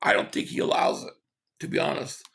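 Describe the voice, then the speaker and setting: A man hosting a casual live stream, hoarse from losing his voice, who reads out viewer comments and gives blunt opinions. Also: a bit bright. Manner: opinionated, quick agreement with viewers.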